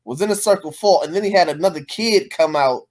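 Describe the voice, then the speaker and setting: A man co-hosting a podcast, relaxed, chiming in with short comments and questions about a movie. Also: fairly high pitch, brisk. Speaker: podcast co-host. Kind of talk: casual movie recap chat.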